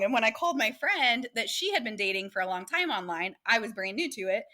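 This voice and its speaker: A woman's voice: fairly high pitch, sing-song, brisk, hardly any pauses, pushed and bright. A woman, animatedly telling dating stories as a guest in a casual interview and acting out the voices of the people she quotes.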